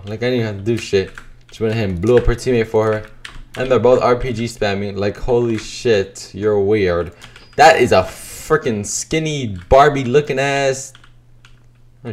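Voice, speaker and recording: A young man giving excitable, cursing gameplay commentary as a gaming YouTuber, breaking into shouts and laughter. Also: fairly low pitch.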